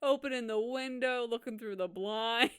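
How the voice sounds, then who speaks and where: A woman's voice: fairly high pitch, normal speed, fairly bright tone, clear, resonant tone, dry recording, studio quality. A woman co-hosting a podcast, reacting to a reality show recap with incredulous remarks. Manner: reactive, incredulous, laughs along. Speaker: podcast co-host. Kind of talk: casual recap chat.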